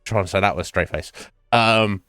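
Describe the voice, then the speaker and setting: A man's voice: on the low side, moderate pace, fairly bright tone, clear, resonant tone, dry recording, studio quality, soft background music. A man streaming live, chatting casually with his viewers in a rambling, self-mocking way and swearing freely.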